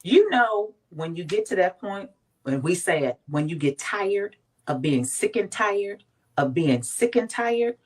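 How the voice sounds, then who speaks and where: A woman from Washington, D.C. talks with emphatic, animated energy, slipping into little acted quotes as she makes her point. Her voice sits at an ordinary middle pitch for a woman. She speaks as a guest in a motivational, faith-based conversation. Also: measured pace, slightly rough.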